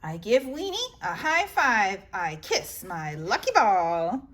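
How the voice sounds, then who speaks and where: Lively woman reading a bedtime story. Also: slow. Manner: animated, voices the characters with big pitch jumps. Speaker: librarian reading aloud.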